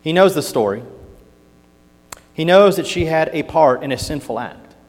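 Male preacher, fairly high voice, folksy and emphatic, hushed readings and loud points, long hall reverb in a church. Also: lively intonation, normal speed. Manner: folksy turns of phrase. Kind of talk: sermon. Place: church sanctuary.

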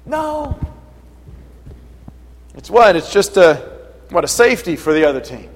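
High-voiced preacher in a reverberant hall. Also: male voice, sing-song, measured pace. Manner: earnest, rising to forceful emphasis. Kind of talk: sermon.

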